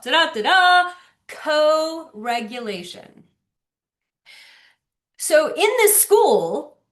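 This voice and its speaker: A woman giving a lunch-and-learn parenting talk, telling stories in an animated way and acting out little voices. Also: a little high. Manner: animated storytelling with acted-out voices. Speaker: parenting educator and speaker.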